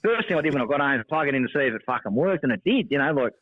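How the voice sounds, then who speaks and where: A man's voice: medium pitch, lively intonation, racing, highs cut off. An Australian man co-hosting a podcast in casual chat, eager and matey, repeating himself. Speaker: podcast co-host.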